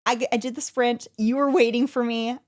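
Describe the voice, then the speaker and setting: A woman co-hosting a casual podcast, telling a story with excitement and laughing often. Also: a little high, a little fast. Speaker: podcast co-host.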